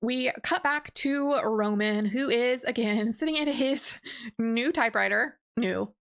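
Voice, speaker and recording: A woman's voice: fairly high pitch, a little slow, creaky. A woman casually recapping a novel's plot for her book review channel, talking in loose run-on sentences full of fillers. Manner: chatty, filler-heavy with frequent "like" and laughs. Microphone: desk microphone.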